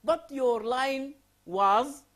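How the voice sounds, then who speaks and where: A man's voice: extremely high pitch, extremely slow, fairly bright tone. A man from Sudan lecturing a class on English writing, asking students questions and repeating key phrases.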